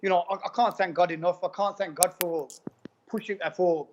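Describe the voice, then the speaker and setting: A man giving an animated testimonial, retelling conversations in a rapid, repetitive way. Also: sits high, a little hiss or hum. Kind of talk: animated personal storytelling. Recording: dull lo-fi recording.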